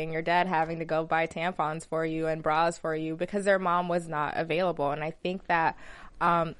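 A woman's voice: lowish voice, fairly bright tone, dry recording. A woman from Alabama hosting a TV recap show in a casual, upbeat way, laughing easily. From Alabama, USA. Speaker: host. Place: studio.

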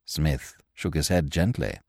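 A man narrating an audiobook in a measured, expressive reading as the podcast host. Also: rumbling low, no echo, studio quality. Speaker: host and reader.

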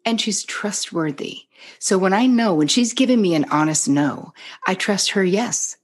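A woman's voice: mid-range voice, animated, unhurried, slightly rough. A middle-aged woman from New Jersey with a New Jersey accent, a psychotherapist talking casually on a podcast, candid, swearing freely and acting out the dialogue in her stories. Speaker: psychotherapist guest.

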